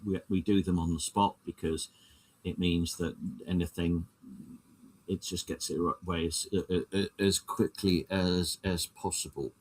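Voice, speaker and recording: Man doing a halting farmhand. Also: low-pitched, steady tone, darkish tone, pitched below the performer's own voice. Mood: matter-of-fact. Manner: halting, full of fillers. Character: farmhand, plain-spoken working man.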